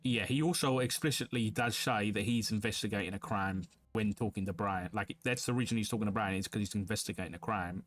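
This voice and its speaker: A man's voice: fairly low pitch, brisk, few pauses, a bit bright. A man playing a police officer in a roleplay discussion, arguing points and playing devil's advocate. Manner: argumentative, plays devil's advocate.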